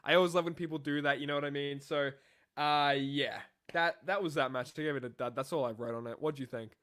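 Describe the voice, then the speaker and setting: A man's voice: a little high, fairly even intonation, fast talker, a bit bright. A young man co-hosting a wrestling review podcast, rambling and swearing in casual chat. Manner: profane, rambling, jokey. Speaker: podcast co-host.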